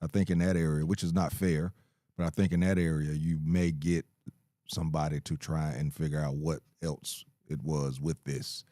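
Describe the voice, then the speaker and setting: A man co-hosting a casual talk radio show, speaking in a relaxed, conversational way. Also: rumbling low, normal speed, dry recording, clean studio sound. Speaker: co-host.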